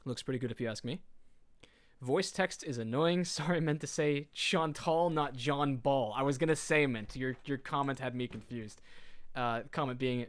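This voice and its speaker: Man, game streamer, casual, chatty, joking, mid pitch. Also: normal speed. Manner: chatty, joking, reads in-game notes aloud. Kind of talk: casual gameplay commentary.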